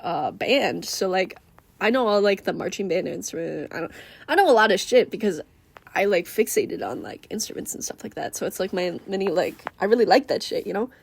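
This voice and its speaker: A woman voicing an excited, very social girl who rambles about instruments and swears casually. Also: medium pitch, brisk, creaky, breathy edge. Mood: excited rambling. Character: bubbly chatty girl drummer, very social.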